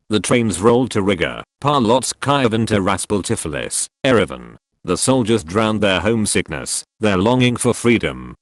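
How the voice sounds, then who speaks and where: A man narrating a historical audiobook in a solemn, measured read. His voice sits fairly low but rises and falls a lot. It is recorded close and dry, with no room sound. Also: no room sound. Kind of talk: scripted narration of a historical novel.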